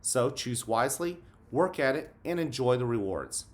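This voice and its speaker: A man who is an elementary school principal, giving gentle, encouraging morning announcements and guided mindfulness to students. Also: mid-range voice, lively intonation, normal speed.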